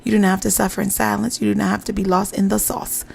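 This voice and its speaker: A woman's voice: mid-range voice, little pitch movement, fast, gravelly, darkish tone, slightly rough. A woman hosting a podcast, speaking encouraging, repetitive affirmations into a microphone. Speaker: podcast host and pumping coach.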